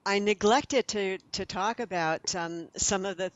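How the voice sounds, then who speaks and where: A woman hosting an interview, encouraging her guest with warm interjections. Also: mid-range voice, measured pace. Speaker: interview host. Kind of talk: casual interview. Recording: dry, dull lo-fi recording.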